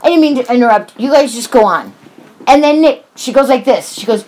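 A woman's voice: a little high, normal speed, slight background noise. A woman in her forties telling a story in casual chat, swearing often and acting out what people said. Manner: animated, swears often, acts out quoted voices.

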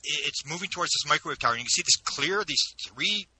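A man who is an interview guest, telling a personal story in an animated way with frequent restarts. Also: a little high, fast talker, slight background noise, rough recording. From Canada.

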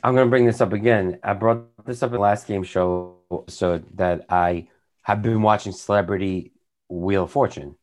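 A young man with a somewhat low voice co-hosts a podcast in casual chat. He gets excited and repeats his points for emphasis. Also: moderate pace. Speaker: podcast co-host.

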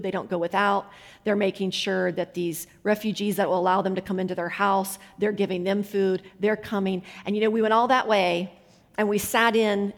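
Woman, conference sermon, animated and laughing, mid pitch, echoing hall. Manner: animated storyteller, laughs often, acts out quoted voices. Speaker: guest minister. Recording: long hall reverb.

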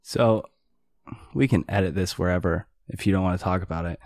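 A man's voice: low-pitched, fairly quick, darkish tone. A young man hosting a podcast, steering the talk in a matter-of-fact way. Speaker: podcast host. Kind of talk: casual podcast banter.

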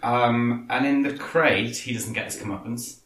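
A man's voice: medium pitch, measured pace, roomy sound, low-quality recording. A man in casual chat about films, asking blunt questions and pushing back on points. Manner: questioning, blunt, lively intonation. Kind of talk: casual film discussion.

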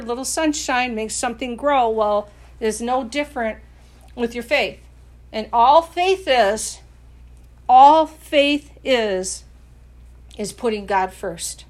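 A woman preaching in a casual, earnest way, talking conversationally with frequent restarts. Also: fairly high pitch.

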